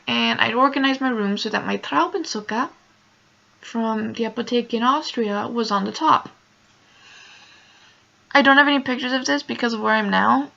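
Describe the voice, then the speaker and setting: A young woman recounts a story in a casual home vlog, upset and close to tears, her talk full of fillers. Her fairly high voice is gravelly and bright. The recording sounds dull and lo-fi. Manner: emotional, rambling, many "like" fillers. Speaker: vlogger.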